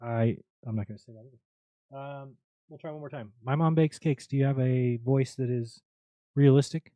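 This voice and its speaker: A man's voice: medium pitch, normal speed, warm tone, no echo. A man hosting a live panel show, arguing his points emphatically in casual chat.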